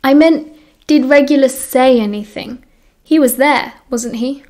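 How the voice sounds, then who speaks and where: A woman's voice: high voice, unhurried, darkish tone. A woman with a British accent reading the lines of a teenage boy who takes charge, speaking firmly. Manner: firm, authoritative.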